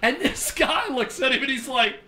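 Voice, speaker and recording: A man hosting a talk radio show, telling a story in a relaxed, animated way, acting out what others said and laughing often. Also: very high-pitched, moderate pace, crowd noise.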